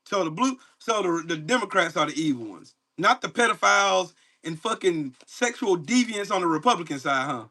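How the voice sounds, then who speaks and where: Dude yelling at his livestream chat, swears nonstop, mocking, aave, high bright voice. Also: animated, normal speed, hardly any pauses. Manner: profane, mocking, confrontational. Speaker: livestream host. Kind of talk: angry political rant to live chat.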